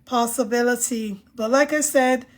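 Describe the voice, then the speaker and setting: A fairly high-pitched woman hosts a live stream in an easy, chatty way. She reads viewer comments aloud and answers them with outspoken, emphatic opinions. She often repeats herself to drive a point home. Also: fairly even intonation, moderate pace. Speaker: livestream host reading viewer comments.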